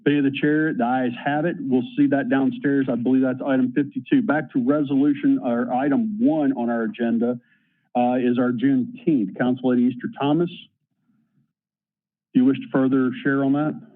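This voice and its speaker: A man's voice: medium pitch, fairly even intonation, normal speed. A man chairing a city council committee meeting, running votes and reading agenda items in a rattling list. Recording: tinny phone-like meeting audio.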